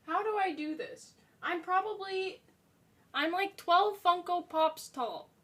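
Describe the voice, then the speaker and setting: A woman's voice: very high voice, expressive, slow, long pauses, fairly bright tone. A woman game streamer in casual live-stream chat, reading viewer comments aloud and laughing to tears, giggling constantly through her words. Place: home streaming setup.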